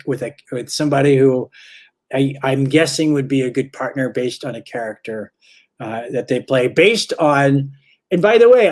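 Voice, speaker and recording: A male stand-up comedian from St. Louis spins a long anecdote in a loose, rambling podcast chat. He backtracks and corrects himself mid-sentence, then jumps into the voices of the people in the story. His pitch sits in the middle of the usual male range. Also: a little mellow. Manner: rambling, self-correcting, acts out quoted voices.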